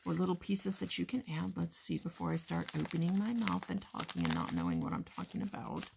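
Gushing woman with a gravelly voice. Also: fairly low pitch, a little fast, background noise. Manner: gushing, excited, addresses viewers as guys. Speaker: crafting haul vlogger. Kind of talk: casual show-and-tell haul chat.

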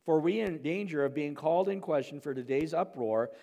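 Male pastor, conversational verse-by-verse preaching, slightly high voice, long church-hall echo. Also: expressive, fairly quick, gravelly, mellow. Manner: conversational, asides with "okay?" and "right?". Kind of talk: expository sermon. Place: church sanctuary.

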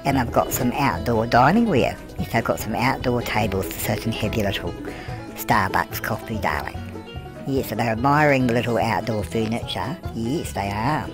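A chatty, gossipy elderly grandmother, played by a man, narrates a life-sim game in a middling pitch. She peppers her commentary with cheeky asides, calls everyone love and answers her own tag questions. Background music runs behind her. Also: lively intonation, normal speed. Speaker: gameplay narrator. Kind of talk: comedic gameplay commentary.

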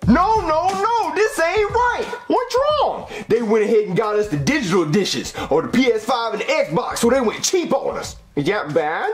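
A man's voice: very high voice, sing-song, normal speed, hardly any pauses, over a noisy crowd. A man playing a scheming slangy kid. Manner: conniving, slangy, bossy. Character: scheming greedy young boy. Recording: echoey room.

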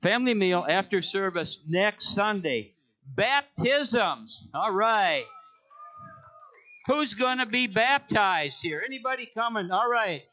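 A man reads out the church notices from the front of a sanctuary, cracking jokes and wandering off track. His voice sits a little high and sounds bright and forceful. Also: animated, takes it slowly. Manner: joking, rambling, self-correcting. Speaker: church announcer. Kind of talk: casual church announcements.

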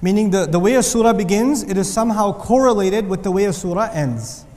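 High-voiced male teacher in a reverberant hall. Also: brisk. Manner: animated, joking asides, emphatic repetition. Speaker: Islamic teacher lecturing students. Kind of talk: lively lecture with humor. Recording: long reverb of a large hall.

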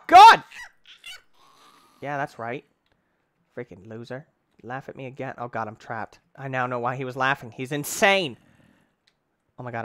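A man giving excitable, rambling commentary on his gameplay, talking to himself and breaking into sudden shouts. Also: dry recording. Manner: excitable, with sudden shouts and big pitch jumps. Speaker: gaming channel host. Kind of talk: let's-play gameplay commentary.

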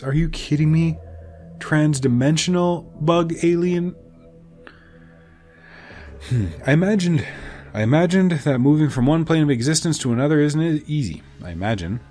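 A man's voice: on the high side, expressive, moderate pace, pauses often, mellow, soft background music. A man giving casual, joking commentary while playing a video game. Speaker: let's play host. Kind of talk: gameplay commentary.

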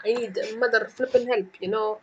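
A young woman hosting casual game commentary, loud and excitable, swearing often as she plays. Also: fairly high pitch, a little fast, slightly rough, highs cut off. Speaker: gaming channel host.

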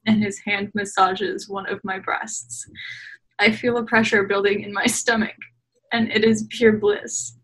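A woman with a bright, slightly husky voice reads slowly and deliberately over a video call. She plays the steamy lines mock-sultry and drops deadpan jokes in between. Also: mid-range voice, soft background music, rough recording. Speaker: reader in a group fanfic reading. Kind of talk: dramatic reading aloud with asides.

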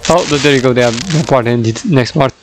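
A young man doing rambling voice-over commentary on his own gameplay, laughing often and getting loud when excited, recorded at his home computer. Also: medium pitch, normal speed, music in the background, poor audio. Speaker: gaming YouTuber. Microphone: desktop microphone.

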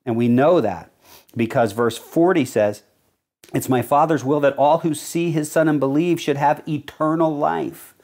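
A man's voice: fairly high pitch, darkish tone. Earnest male pastor preaching a sermon. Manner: earnest teaching, reads verses slowly and stresses key words.

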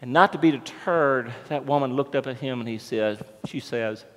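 A man's voice: medium pitch, normal speed, fairly bright tone. A man preaching a sermon as pastor, telling the story conversationally and putting questions to the congregation. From United States. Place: church sanctuary. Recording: long church reverb.

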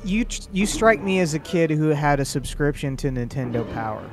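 A man's voice: a little high, lively intonation, a little fast, over music. A man co-hosting a let's play, teasing his partner with dry remarks. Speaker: co-host. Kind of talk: casual gameplay chat.

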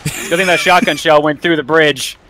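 A man giving casual, jokey commentary while playing a co-op game, quick to laugh. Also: a little high, fairly even intonation, bright, forceful tone, slight background noise. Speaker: co-op gamer.

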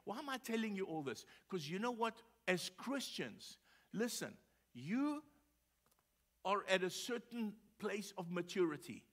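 A man's voice: sits high, sing-song, measured pace, a bit bright. A man preaching a sermon as pastor, telling a personal story in a conversational way with frequent repeated words. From South Africa.

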